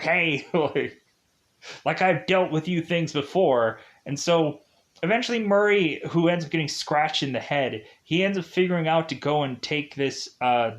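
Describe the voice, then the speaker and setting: A young man casually recapping a movie plot, with lots of "uh" and "like" fillers and frequent chuckles. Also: medium pitch. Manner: filler-heavy, chuckling often. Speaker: movie reviewer. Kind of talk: casual rambling film recap.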